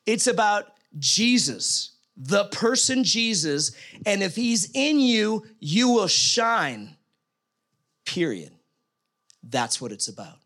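A man with a high voice preaches a sermon. He reads scripture aloud and talks to the congregation in a conversational, emphatic way. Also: sing-song, slow, a bit bright.

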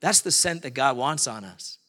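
A man's voice: medium pitch, animated, normal speed, sharp tone. A middle-aged male pastor preaching a sermon in a loose, conversational way, slipping into quoted voices as he tells stories.

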